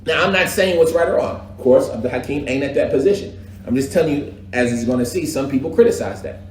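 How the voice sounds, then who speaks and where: Male teacher, conversational and playful, mimics voices; boomy room, low background hum. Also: fast talker. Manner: animated, conversational, slangy, imitates recitation styles. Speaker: religious teacher. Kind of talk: casual classroom lesson. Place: echoey mosque classroom. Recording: echoey room with faint background ambience.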